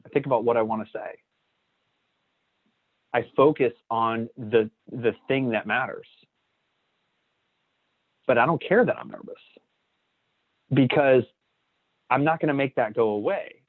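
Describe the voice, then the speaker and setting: Coaching man on a tinny call line. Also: mid-range voice. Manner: energetic, coaching, acts out sample lines. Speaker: trainer. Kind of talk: interactive training session. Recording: dry, tinny phone-like line.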